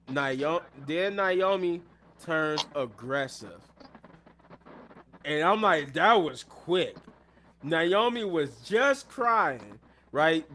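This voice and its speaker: A man casually recapping a wrestling show, excitable and rambling, often laughing at the action. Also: on the high side. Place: at his workplace.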